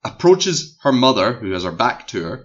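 A man's voice: medium pitch, moderate pace, muffled recording. A man with a Scottish accent, chatting casually about a film he watched, animatedly acting out the scenes and the movie's reactions. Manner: animated, acts out scenes and the movie as talking characters. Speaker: film podcast co-host. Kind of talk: casual film review chat.

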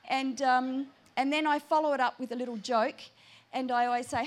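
Chatty woman preaching, fairly high. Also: fairly quick. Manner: animated, chatty storytelling. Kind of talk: personal testimony sermon.

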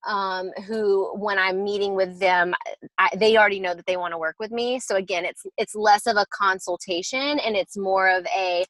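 A woman's voice: mid-range voice, moderate pace, a bit bright, no room sound, rough recording. A woman interior designer explaining her work process in a casual interview, chatty and full of fillers and restarts.

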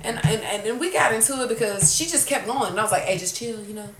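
A woman's voice: a little high, lively intonation, fast talker. A woman in her twenties hosting a casual podcast chat, telling a story animatedly with lots of swearing and acted-out outbursts. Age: 20s. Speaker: podcast host. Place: room at a kitchen table. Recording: roomy sound, from far off the mic, faint noise.

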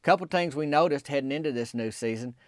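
A man telling a rambling, deadpan comic story in folksy country talk. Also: mid-range voice, quick pace, no echo, studio quality. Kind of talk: deadpan comedic storytelling monologue.

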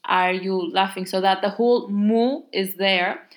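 A woman's voice: mid-range voice, steady tone, slow, few pauses, a bit bright. A woman with a Turkish accent, a native Turkish speaker, explaining grammar in a casual language lesson with many fillers and exaggerated example words. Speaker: language teacher.

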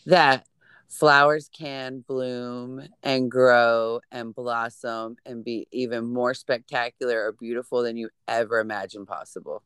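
A woman in casual conversation, gushing and encouraging as she talks. Her voice is smooth and clear, recorded dry and close to the mic with no room sound. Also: a bass voice, level tone, a little slow, a bit bright, dry recording. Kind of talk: casual chat.

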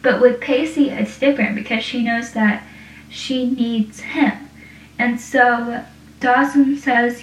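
A woman's voice: fairly high pitch, fairly even intonation, slow pace. A young woman chatting casually about a TV show, rambling and saying "like" constantly. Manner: rambling, heavy use of "like". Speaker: TV show reviewer. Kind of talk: casual chat. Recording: distant, roomy, dull-sounding.

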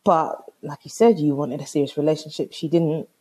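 Woman, casual comic storyteller, husky and mellow, exasperated and swears a lot. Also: low-pitched, normal speed. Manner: animated, exasperated, swears freely.

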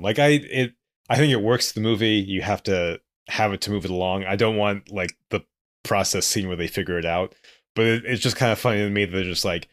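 Low-voiced man rambling about a film. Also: brisk, no echo, clean studio sound. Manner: rambling, many likes and restarts. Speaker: podcast co-host. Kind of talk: casual movie discussion chat.

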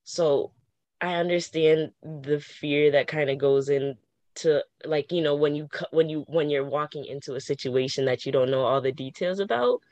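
A young woman in casual conversation, talking in an animated way with quick restarts and frequent laughter. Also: deep voice, no echo, lo-fi sound.

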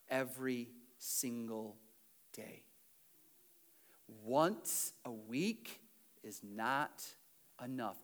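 A male pastor preaching an animated sermon, swinging between loud urging and hushed earnestness, with self-deprecating humor. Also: medium pitch.

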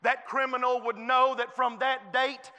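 A man preaching a fervent sermon as a guest preacher, swinging from soft passages to shouted ones. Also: very high voice, flat delivery, unhurried. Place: church sanctuary. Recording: reverberant church hall.

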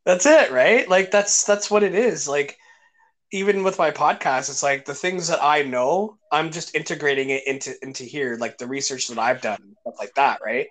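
Speaking at normal speed in a fairly high, fairly bright voice, a man hosts a podcast with casual storytelling. He's enthusiastic, with many fillers and restarts.

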